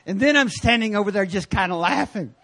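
A man preaching in a church sanctuary, his voice sitting high for a man. He tells stories with energy, jumping from loud, punchy lines to quiet asides. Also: fairly quick, a little hiss or hum. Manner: animated storytelling with sudden loud and quiet turns. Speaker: guest preacher. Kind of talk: sermon.

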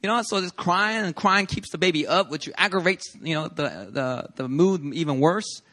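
Animated young male preacher. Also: on the high side, normal speed. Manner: animated and conversational, acts out little quoted scenes. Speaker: pastor. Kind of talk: sermon. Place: church service.

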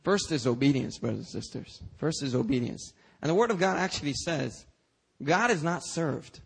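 A male pastor preaching a sermon, acting out dialogue with God and Jesus and jumping into high shouts. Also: lively intonation, moderate pace, gravelly, slightly rough. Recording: preached live in a church.

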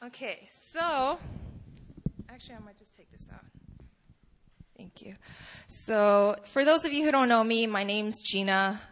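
A Polish student in her twenties opens with a prayer and then chats casually with a campus fellowship group, laughing often. Her voice is fairly high and fairly bright, with a measured pace and frequent pauses, and a little hiss or hum sits under the recording.

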